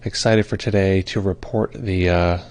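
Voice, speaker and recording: A man's voice: deep voice, steady tone, moderate pace, darkish tone, slight background noise. A man hosting a meditation live stream, chatting casually, greeting viewers and reading their comments aloud, with many fillers. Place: home or studio in Brooklyn.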